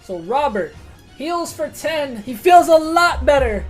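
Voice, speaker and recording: Excitable high-voiced woman game master. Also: soft background music. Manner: excitable, swearing, quick swings of loudness. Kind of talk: narrating a tabletop game.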